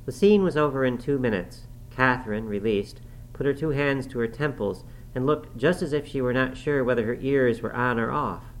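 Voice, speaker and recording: A man reading a classic novel aloud in a measured, formal narrating manner. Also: medium pitch, a little hiss or hum, low-quality recording. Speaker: audiobook narrator.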